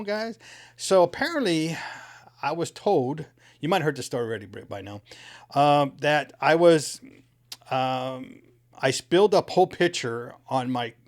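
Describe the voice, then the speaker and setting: A man's voice: mid-range voice, lively intonation, normal speed. A man on a podcast, telling a rambling, self-mocking story in casual chat. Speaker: podcast co-host.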